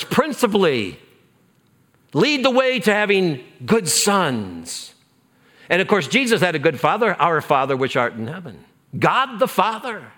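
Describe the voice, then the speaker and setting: A man delivering a church sermon in a slightly high, bright voice. His pitch rises and falls dramatically as he repeats phrases for emphasis. At the key lines he sinks almost to a hush. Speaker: pastor.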